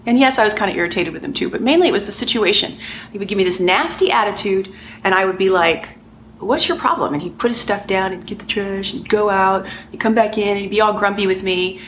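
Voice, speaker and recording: Animated woman coaching. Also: mid-range voice, fast, a little hiss or hum. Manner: animated, conversational, repeats herself for emphasis. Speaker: life coach. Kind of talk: recorded coaching lesson.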